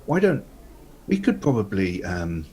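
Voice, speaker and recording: A man's voice: sits low, very animated, measured pace, warm tone, slight background noise. A man voicing a helpful young woman adventurer, offering to keep watch.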